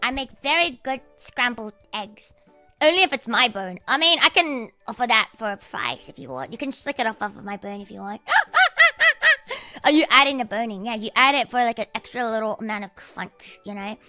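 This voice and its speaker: A young Australian woman talks on her livestream with a high, bright, cute voice, rambling and cursing nonstop. Her voice is slightly high for a woman and sits close to the mic in a dry room, with faint music underneath. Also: lively intonation, a little fast, no echo. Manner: sweary, rambling, laughs often. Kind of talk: casual livestream chat.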